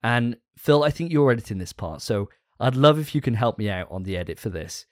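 A man's voice: mid-range voice, lively intonation, brisk, no room sound. A man hosts a gaming podcast in loose, casual chat. He swears freely and gets carried away with enthusiasm. The sound is close and dry with no room around it. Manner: enthusiastic, profane, laughing often. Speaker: podcast host.

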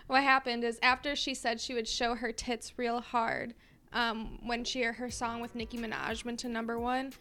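A woman's voice: fairly high pitch, steady tone, moderate pace, bright, forceful tone. A woman guest on a casual podcast, explaining things in a rambling, amused way with lots of fillers. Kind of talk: casual chat.

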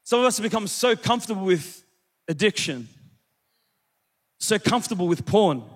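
A male pastor preaches to his congregation, telling a story with lively energy and calling out questions to the room. His voice sits unusually high. The sound rings with the long reverb of a church hall. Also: normal speed. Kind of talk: sermon with storytelling.

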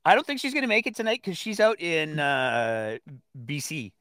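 A man hosting a live audio chat, talking in a measured, hedging way with frequent restarts. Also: on the high side, sing-song, a bit bright, no echo, clean studio sound. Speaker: host.

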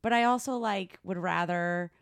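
A woman's voice: lowish voice, normal speed, smooth, no echo, studio quality. A woman who is a music teacher, chatting casually as a podcast guest and laughing easily. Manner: laughs easily, talks in a frank, lively way. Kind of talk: casual chat. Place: podcast studio.

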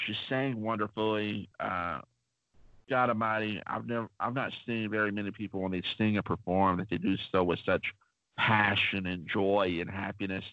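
A man's voice: fairly low pitch, steady tone, moderate pace, no echo. A man co-hosting a podcast, telling rambling stories in a chatty way with lots of fillers. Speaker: podcast co-host. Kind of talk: casual podcast storytelling. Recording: dull lo-fi dry sound.

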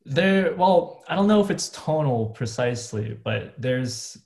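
A man hosting a podcast, talking in a relaxed, informal and chatty way. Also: fairly high pitch, unhurried, gravelly. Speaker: podcast host. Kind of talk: casual chat. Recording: roomy echo.

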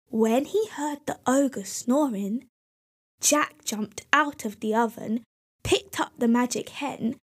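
A woman narrating a fairy tale in a slow, clear, expressive storybook style. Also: fairly high pitch.

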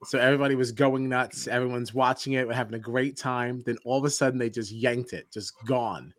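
Guy hosting a podcast, mid-pitch voice, rambly story, dry sound. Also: brisk, no room sound. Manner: animated storyteller, restarts and laughs often. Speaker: podcast host. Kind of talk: casual chat.

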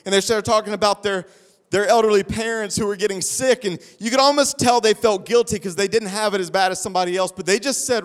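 Male pastor, high voice, passionate repetitive sermon delivery, long hall echo. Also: quick pace. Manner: impassioned, rhythmic preaching with repeated phrases and restarts. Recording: long reverb of a large hall.

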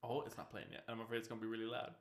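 A man's voice: mid-range voice, monotone, racing, reverberant. A man hosting a casual podcast chat, rambling loosely, swearing and laughing often. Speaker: podcast host.

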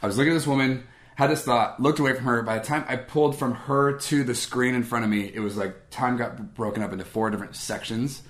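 A man's voice: mid-range voice, steady tone, fast. A man from Guam telling a personal faith story in a casual, conversational way, often acting out what people said. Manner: conversational, acts out quoted dialogue, frequent "like" and "I was like". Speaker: speaker sharing a personal testimony.

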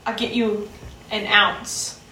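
A woman playing a tabletop game with friends, playful and quick to laugh. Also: mid-range voice, little pitch movement, sharp tone. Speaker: player. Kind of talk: tabletop role-play with friends. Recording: distant mic, echoey room, noise.

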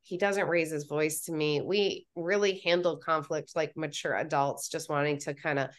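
A woman guest on a podcast, telling stories in a casual, animated way, acting out what she and others said and often saying "like". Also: low-pitched, moderate pace. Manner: animated storytelling, acting out her own quotes, frequent "like". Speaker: podcast guest, reality show participant.

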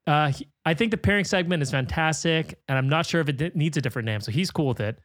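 Hosting a film podcast, a man reads out listener emails and chats in a cheerful, laugh-filled way. He talks fast with a somewhat high, slightly bright voice, in a dry studio-quality recording.

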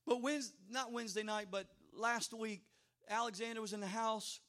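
Middle-aged male pastor, high voice, animated storytelling sermon with comic asides and bursts of volume. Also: moderate pace. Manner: animated storytelling with sudden loud outbursts; humorous asides.

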